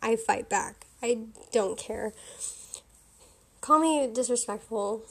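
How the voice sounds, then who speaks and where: A young woman talks through a solo podcast in a relaxed, chatty way. Her voice sits high, and she speaks frankly and with strong opinions, full of "like" and little laughs. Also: takes it slowly, creaky. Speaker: podcast host. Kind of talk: casual solo podcast chat.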